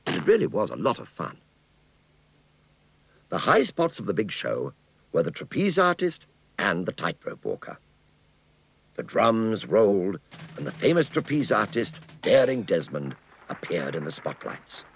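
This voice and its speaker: A man narrating a children's story in an expressive, scripted storytelling manner. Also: fairly low pitch, unhurried, vocal fry, long pauses, husky, no room sound.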